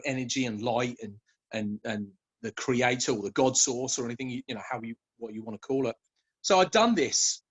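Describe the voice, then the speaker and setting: A man, a guest telling his story in a relaxed interview, often hesitating with fillers and restarts. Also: on the high side. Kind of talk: conversational interview.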